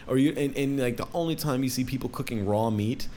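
A man's voice: medium pitch, fairly quick, a little mellow, slight background noise. A young man ranting casually, swearing a lot and restarting his sentences often. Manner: profane, rambling, many restarts. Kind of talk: casual rant.

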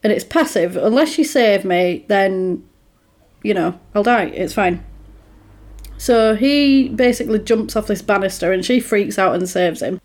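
A woman in casual conversation, telling a film's story with lively swings in her voice as she acts out each character's lines. Her pitch sits in a middling range. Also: unhurried. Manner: animated storytelling, acting out quoted lines. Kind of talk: casual chat retelling a film plot.

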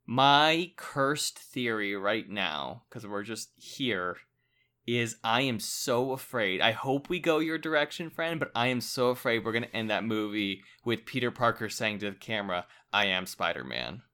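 A man's voice: medium pitch, a little slow, pushed and bright. A man co-hosting a podcast, chatting casually and enthusiastically, with casual swearing. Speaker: podcast co-host.

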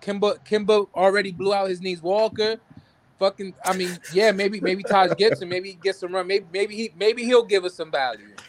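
A man's voice: high-pitched, fairly even intonation, moderate pace. A man co-hosting a casual sports talk show, ranting in heated frustration, swearing and stumbling over his words. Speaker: podcast co-host.

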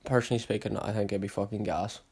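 A man's voice: lowish voice, fairly even intonation, quick pace, breathy edge. Rambling young man. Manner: rambling, heavy swearing, loud hype bursts. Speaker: podcast host. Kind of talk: casual solo podcast chat.

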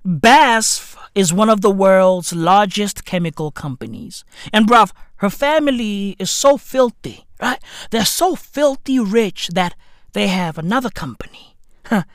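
A woman delivering a profane comedic rant, shouting and swearing and calling the listener bruv. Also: medium pitch, no room sound, clean studio sound. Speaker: commentator.

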